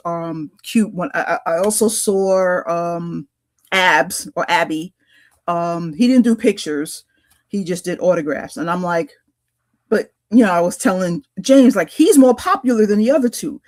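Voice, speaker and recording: A woman's voice: lowish voice, measured pace. A woman co-hosting a podcast who tells a story in casual chat. She rambles and hesitates, with many fillers and restarts. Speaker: podcast co-host.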